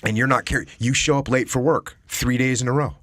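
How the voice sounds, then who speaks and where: A man's voice: medium pitch, fairly even intonation, fairly quick, a bit bright. A man guest on a podcast, talking emphatically and acting out example conversations. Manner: emphatic, acts out example dialogues. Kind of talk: casual conversation.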